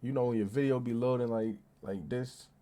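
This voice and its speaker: A man's voice: mid-range voice, fairly even intonation, brisk, dark tone. A man hosting a reaction video, commenting in a laid-back, slangy way. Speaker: reaction channel host.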